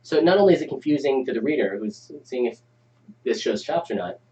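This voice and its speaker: A man's voice: medium pitch, a little fast, distant mic, highs cut off. Man hosting a script review, off-mic. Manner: animated, reads stage directions aloud. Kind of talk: casual chat and script reading.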